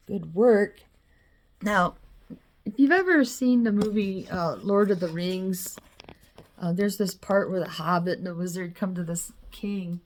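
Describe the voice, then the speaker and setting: A woman with a warm, mellow voice rambles casually about her own drawings. She swears freely and fills the gaps with "you know.". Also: mid-range voice, a little slow. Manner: loose and profane, with frequent "you know" and laughs. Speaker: vlogger showing her drawings.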